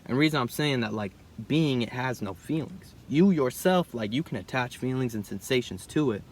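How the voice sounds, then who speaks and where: A man's voice: medium pitch, lively intonation, moderate pace, a little mellow. A young man in a casual, reflective monologue, rambling and often tagging lines with "bro" and "right?". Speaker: vlogger.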